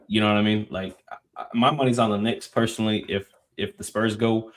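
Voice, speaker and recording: A man co-hosting a casual sports podcast, talking in a relaxed, slangy way with drawn-out fillers. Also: fairly low pitch. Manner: laid-back, slangy, drawn-out filler words. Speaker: podcast co-host.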